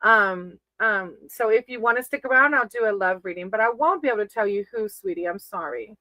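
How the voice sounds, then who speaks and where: A woman's voice: medium pitch, animated, fairly quick, bright, forceful tone, no echo, low-quality recording. A woman giving casual live-stream tarot readings, chatty and affectionate, calling her viewers sweetie and baby. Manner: chatty, reads names off a list.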